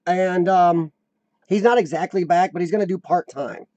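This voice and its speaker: A man hosting a casual live chat, rambling and answering viewers, his voice a little rough from lung trouble. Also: high-pitched, moderate pace, darkish tone, no room sound. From United States. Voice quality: slightly rough voice from lung problems. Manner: rambling, chatty, laughs often, answers viewers by name. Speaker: livestream host.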